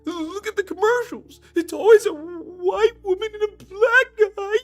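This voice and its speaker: A man mocking a paranoid male caller, with a shrill, whining, near-sobbing delivery. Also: unhurried, faint music behind.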